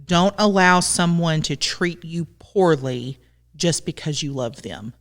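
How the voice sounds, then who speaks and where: A woman co-host chatting casually with a friend, her voice animated and full of swings in pitch. She tells stories and plays out little scenes of what she and others said. A long reverb trails behind her. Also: slow. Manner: lively, animated storytelling with acted-out quotes. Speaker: podcast co-host. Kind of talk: casual chat.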